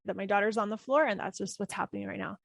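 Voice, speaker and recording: Calm woman with a slightly gravelly voice. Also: mid-range voice, quick pace, no echo. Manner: calm, gently repeats phrases. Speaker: parenting coach and podcast host. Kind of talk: reflective solo podcast talk.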